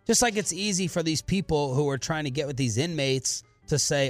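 A man's voice: fairly high pitch, a little fast, hardly any pauses, no room sound, faint music behind. A man co-hosting a radio talk show, telling stories and mocking in casual banter. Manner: animated, storytelling, mocking.

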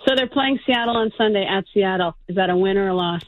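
A woman's voice: medium pitch, quick pace. A woman calling in to a sports radio show, chatty and teasing. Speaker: caller. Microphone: telephone. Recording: tinny phone line.

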